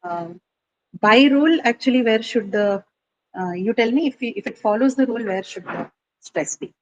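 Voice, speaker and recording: A woman's voice: a little high, lively intonation, moderate pace, a little mellow, muffled recording, slight background noise. Woman teacher, patient classroom explanation full of fillers. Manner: patient, explanatory, many fillers like uh and you know. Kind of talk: classroom lesson on word stress.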